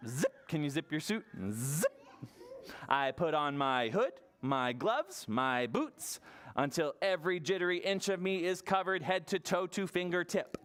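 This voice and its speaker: A children's librarian reading a picture book aloud at preschool story time, expressive and asking the children questions. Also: medium pitch.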